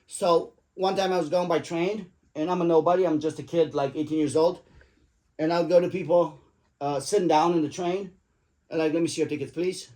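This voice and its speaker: A man's voice: a little high, steady tone, moderate pace, a little mellow. A middle-aged father telling rambling, profane stories to his family at the dinner table. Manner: rambling, profane, jokey anecdotes. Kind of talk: casual storytelling at the dinner table.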